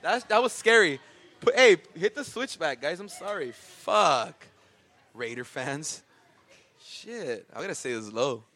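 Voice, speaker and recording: Animated, bright-voiced man ranting. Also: on the high side, takes it slowly, pauses often. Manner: profane, animated ranting with frequent fillers. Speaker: podcast co-host. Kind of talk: casual comedic rant.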